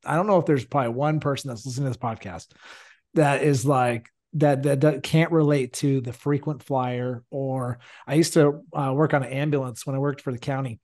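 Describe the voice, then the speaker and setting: A man's voice: medium pitch, steady tone, moderate pace, darkish tone. A man co-hosting a firefighter podcast, telling work stories in a chatty way with lots of fillers. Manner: chatty, lots of "like" and "you know". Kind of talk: casual storytelling.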